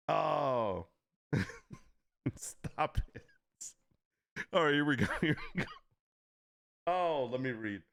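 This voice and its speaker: A man's voice: fairly high pitch, very animated, measured pace, creaky, long pauses, fairly bright tone, no room sound, clean studio sound. A man hosting a casual livestream, laughing often and reacting in disbelief as he reads. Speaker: livestream host.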